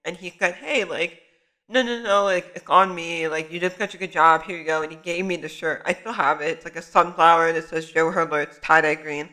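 Fairly high-pitched and fairly quick, a young adult student photographer chats to the camera through poor audio. He retells the story animatedly, leaning on lots of "like"s.

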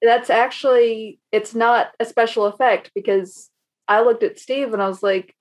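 Female podcast co-host, animated storyteller, casual and unfiltered. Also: on the high side, moderate pace. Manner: animated storytelling, acts out her own reactions, casual swearing. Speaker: podcast co-host reviewing a horror movie. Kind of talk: casual chat.

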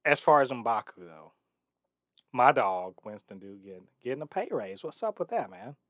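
A man co-hosting a casual chat, joking and excitable, swearing freely. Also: mid-range voice, moderate pace, no echo, clean studio sound. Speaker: podcast co-host.

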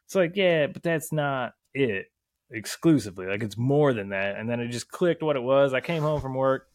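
A young man talking loosely on a podcast, swearing freely and circling back on his thoughts. His voice sits at an ordinary pitch and sounds close and dry, with little room in it. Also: lively intonation, normal speed, no echo. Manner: profane, rambling, laid-back. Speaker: podcast guest. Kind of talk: casual chat.

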